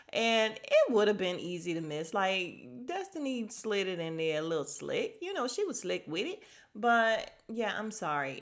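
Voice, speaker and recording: A woman hosting a podcast, giving a chatty and opinionated recap of a reality show and acting out the cast's lines. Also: fairly low pitch. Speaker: podcast host.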